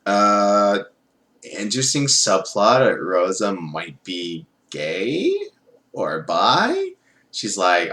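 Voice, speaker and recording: A man's voice: deep voice, very animated, measured pace, sharp tone. A man reviewing a TV show in a casual video, rambling and sarcastic, with many fillers.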